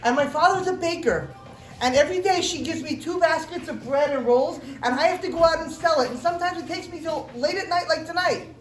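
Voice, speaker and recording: A woman's voice: extremely high pitch, a little fast, noisy background. A woman voicing a frightened, hungry little boy pleading that he cannot go home, heard from far off in a roomy hall. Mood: scared pleading. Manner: pleading, fearful.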